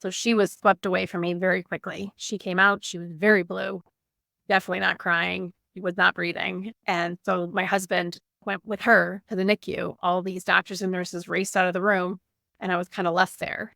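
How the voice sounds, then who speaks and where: A woman's voice: lowish voice, flat delivery, normal speed, gravelly, sharp tone, dry recording, studio quality. A woman in her thirties, a guest telling her personal story in an interview, candid and earnest, with lots of "like". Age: 30s.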